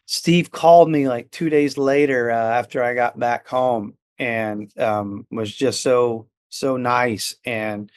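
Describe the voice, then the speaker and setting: A middle-aged man, a musician guest on a podcast, telling stories in an excited, rambling way full of fillers and restarts. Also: medium pitch, slow pace, hardly any pauses, clean tone. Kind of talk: casual storytelling chat.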